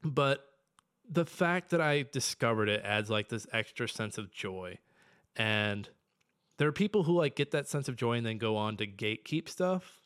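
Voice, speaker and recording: A young man in a casual podcast chat, his voice sitting at an ordinary middle pitch. He rants profanely and excitably, working himself up into loud bursts before dropping back to an offhand mutter. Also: normal speed, clear, resonant tone. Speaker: podcast co-host.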